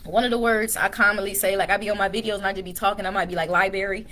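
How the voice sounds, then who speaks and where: A Dallas woman with a Texas accent vlogs casually from a dim room at home, filmed on a phone camera set on a tripod, chatting in a laid-back way and calling her viewers y'all. Her mid-range voice is bright and forceful, with fairly even intonation and a rapid-fire delivery. There's a little hiss or hum on the recording.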